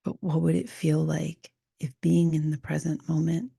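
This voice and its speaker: A woman hosting a reflective solo podcast, speaking softly and often in a half whisper, musing aloud with frequent restarts. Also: sits low, flat delivery, normal speed, creaky, husky, no room sound, clean studio sound. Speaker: podcast host.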